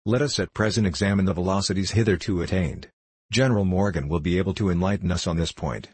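A man voicing a composed male club president who speaks in measured, orderly sentences. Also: low voice, husky, no echo. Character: stately male club president, calm and methodical.

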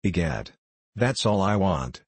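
A man voicing a stubborn, skeptical gentleman hunter in a storybook reading, speaking in a gruff, blunt and dismissive way. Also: low voice, sing-song, slow, no room sound, full character voice.

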